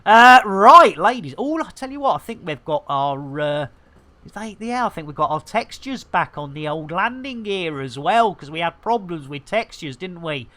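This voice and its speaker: A man's voice: high voice, animated, moderate pace, bright, forceful tone. A man streaming a game live, chatting in a bawdy, theatrical, rambling way. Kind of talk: cheeky live-stream chat.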